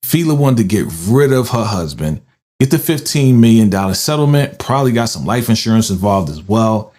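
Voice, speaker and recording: A man hosting a casual movie recap, telling the story in an animated way and tagging his sentences with quick "right?" checks to the listener. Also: fairly low pitch. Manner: animated storytelling, frequent "right?" tag questions.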